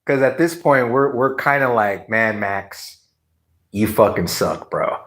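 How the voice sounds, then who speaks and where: A man's voice: medium pitch, unhurried, fairly bright tone. Laid-back man rambling on a livestream. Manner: rambling, laughing, profane, chatting with viewers. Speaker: live streamer. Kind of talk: casual livestream chat.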